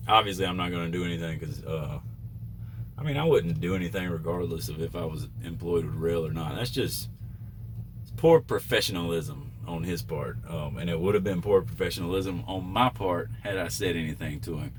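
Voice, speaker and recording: Deep-voiced trucker telling a story. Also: male voice, fairly quick, a little hiss or hum. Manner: rambling, with fillers and self-corrections. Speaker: truck driver. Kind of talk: casual storytelling vlog.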